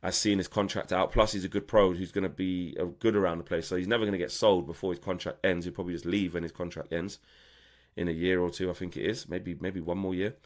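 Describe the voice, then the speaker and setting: A man's voice: low voice, steady tone, quick pace. A man giving a casual, rambling pre-match chat as a football fan presenter.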